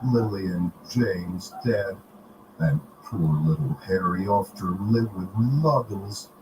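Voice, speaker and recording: A man voicing a huge, soft-hearted male giant in a storybook reading, talking in a muffled, stammering way. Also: low-pitched, takes it slowly. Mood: tearful. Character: huge shaggy gentle male giant, tearful. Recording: noisy home recording.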